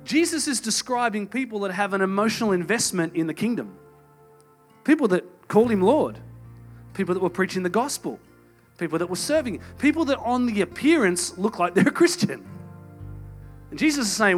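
A man's voice: high-pitched, normal speed, soft background music. Earnest male pastor preaching a sermon. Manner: earnest, conversational preaching, from lively emphasis to soft intimate passages.

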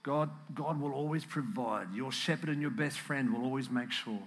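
A man preaching a sermon, earnest and emotional, at times close to tears, building up to animated emphasis. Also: medium pitch, moderate pace. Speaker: pastor.

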